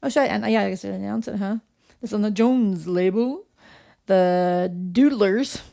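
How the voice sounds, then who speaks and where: A woman's voice: mid-range voice, a little fast, gravelly, dark tone. A woman co-hosting an internet radio show in casual chat, joking loosely and laughing often.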